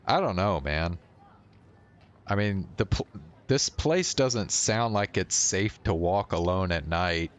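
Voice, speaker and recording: Slow, deep-voiced male streamer. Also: lively intonation. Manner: reads game text aloud, breaking off for offhand remarks and chuckles. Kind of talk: reading a visual novel aloud with casual commentary.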